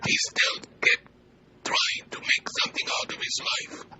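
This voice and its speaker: A man's voice: pushed and bright, a little hiss or hum, poor audio. Whispery older Israeli-accented man. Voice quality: whispery and weak. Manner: earnest, measured short phrases. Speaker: physician interviewee. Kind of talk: interview.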